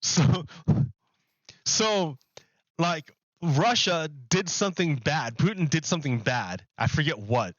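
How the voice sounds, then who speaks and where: Guy streaming a game, rambles n restarts a lot, kinda high voice, dull dry mic. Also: slow, no echo. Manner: rambling, animated, restarts often. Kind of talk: casual chat while gaming.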